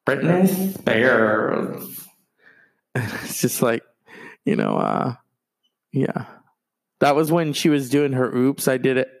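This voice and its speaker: A man's voice: mid-range voice, a little slow, creaky, long pauses, no room sound. A man hosting a podcast, chatting casually in a rambling, profane way and swearing freely. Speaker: podcast host. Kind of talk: casual chat.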